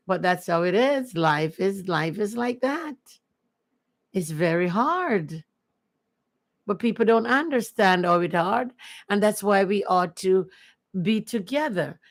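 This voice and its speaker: A woman chatting casually and earnestly on her first livestream, repeating herself often. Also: lowish voice. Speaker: livestream host.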